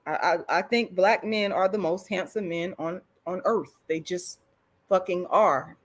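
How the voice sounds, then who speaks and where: A woman's voice: fairly low pitch, fairly even intonation, unhurried. A middle-aged woman ranting on a live stream, blunt and profane, repeating herself when worked up. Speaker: online commentator. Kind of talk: livestream rant.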